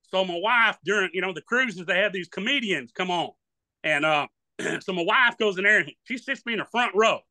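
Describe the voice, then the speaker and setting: A man's voice: high voice, moderate pace, pushed and bright, no echo. An older man with a Louisiana Southern accent, a duck hunting guide, telling rambling folksy stories in an interview and acting out the voices of the people in them. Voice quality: hard of hearing. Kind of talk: storytelling in an interview.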